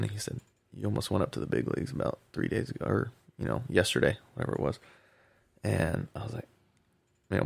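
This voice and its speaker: A man, a former pro baseball player, telling an animated story in a podcast interview and acting out the quotes. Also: low-pitched, gravelly, no echo, studio quality. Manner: animated anecdote, acts out quotes, laughs often.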